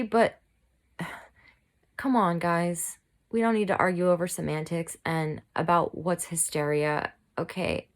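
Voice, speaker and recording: A woman's voice: fairly low pitch, a bit bright. A woman vlogger delivering a heated, angry commentary, shaking and fired up as she rants. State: shaking with anger. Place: home room, bad lighting.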